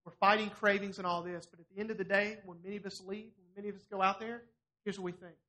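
A middle-aged man preaching a sermon to a congregation in a church, animated and challenging as he voices scripture. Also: sits high, fast talker. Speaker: pastor.

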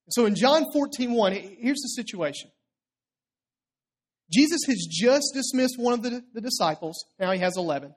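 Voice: expressive, moderate pace. Conversational storytelling preacher. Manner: storytelling, conversational, asks the listeners "okay?"; drops low and quiet for quoted lines, rises with emphasis. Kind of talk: sermon.

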